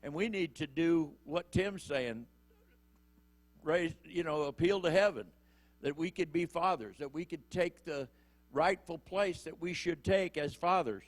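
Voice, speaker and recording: A man's voice: fairly high pitch, unhurried. A middle-aged man preaching a conversational sermon in church, acting out short quotes as he goes. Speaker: prison minister preaching.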